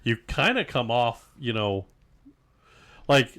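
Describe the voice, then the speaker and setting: Very animated yet slow, this medium-pitched, slightly bright male co-host riffs on fancy vocabulary in a casual podcast chat. His jokes mock pompous ways of talking.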